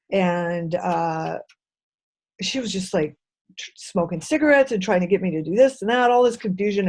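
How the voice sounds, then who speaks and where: Soft-spoken woman with a mellow voice. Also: medium pitch. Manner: soft-spoken, reflective, hesitant with "um" and "uh". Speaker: interview guest. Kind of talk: personal story in an interview.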